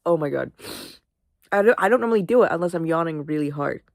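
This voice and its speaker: A woman's voice: low-pitched, lively intonation, fast, creaky, dry recording, clean studio sound. A sleepy, sniffly young woman vlogging in casual, rambling chat, swearing freely. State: sleepy, yawning; sniffly, congested.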